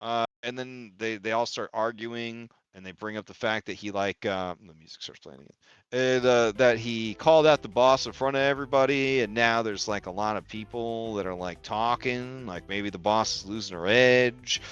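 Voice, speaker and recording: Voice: medium pitch, moderate pace, a bit bright, clear, resonant tone, dull audio. A game master casually narrating a tabletop game, laughing often and using lots of fillers.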